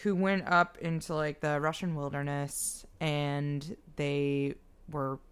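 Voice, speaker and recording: A woman's voice: low voice, flat delivery, takes it slowly, clear, resonant tone. A young woman in casual chat, telling a story with many fillers and frequent laughter. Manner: laughs often, rambling with fillers.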